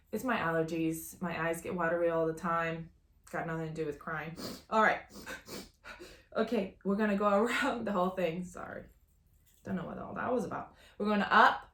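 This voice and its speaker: A woman's voice: on the low side, a bit bright. A young woman hosting a sewing tutorial, bubbly and self-teasing, talking as she works at a serger. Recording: roomy echo, faint machine noise.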